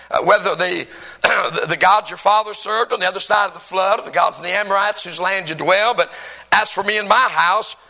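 A man's voice: sits high, vocal fry, sharp tone, poor audio. A man preaching a sermon as pastor, stressing and repeating key phrases.

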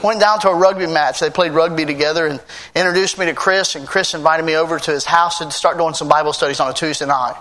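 A man's voice: fairly even intonation, quick pace, fairly bright tone, slight background noise. A man, a pastor giving a sermon testimony, earnestly telling stories and acting out quoted conversations. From United States. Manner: earnest storytelling, acting out quoted talk with big pitch swings.

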